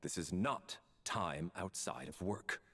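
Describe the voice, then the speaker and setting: A man's voice: low-pitched, lively intonation, slow, fairly bright tone, full character voice. An actor playing a stern, formal male soldier escort who speaks in a dry, weary way.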